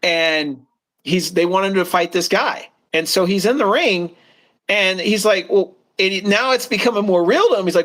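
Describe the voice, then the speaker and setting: A man's voice: high-pitched, moderate pace, a bit bright. A man co-hosting a casual chat show who tells long, rambling stories and acts out the people in them. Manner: rambling storyteller, acts out quoted voices. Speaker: co-host.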